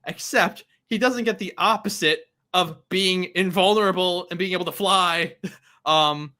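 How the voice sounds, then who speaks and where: A young man guest on a casual comics podcast, talking in a hesitant, halting way. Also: high-pitched. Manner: hesitant, many ums and restarts, relaxed.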